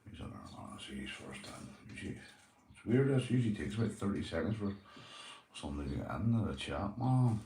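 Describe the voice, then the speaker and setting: A man's voice: lowish voice, sing-song, a little fast, mellow, roomy sound, slight background noise. A young man with a Northern Irish accent, hosting a casual livestream, greeting viewers and swearing freely, calling everyone mate. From Northern Ireland. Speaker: livestream host.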